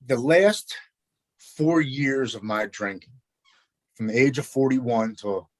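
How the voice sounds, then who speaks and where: A man in his forties telling his personal recovery story as a podcast guest, earnest and halting, often restarting his sentences. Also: mid-range voice, expressive, no echo. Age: 40s. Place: Maryland.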